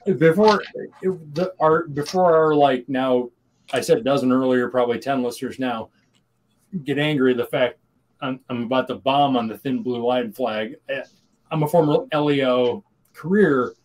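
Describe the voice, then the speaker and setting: A man's voice: mid-range voice, normal speed, a little mellow. A man from Minnesota co-hosting a podcast in casual chat, rambling and often restarting his sentences. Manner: rambling, many restarts and self-corrections. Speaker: podcast co-host.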